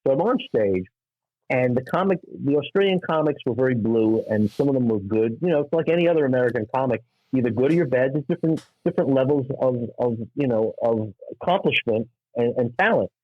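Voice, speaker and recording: A middle-aged man from New York, a stand-up comic telling anecdotes in an animated way and acting out the people in them. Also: medium pitch, no echo, phone-quality sound. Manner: acts out voices in anecdotes, quick asides. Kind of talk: animated storytelling.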